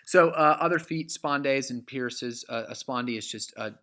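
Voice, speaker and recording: A man's voice: mid-range voice, moderate pace, sharp tone. A man teaching a recorded literature lecture in a casual, conversational way, full of fillers and frequent "okay?" check-ins.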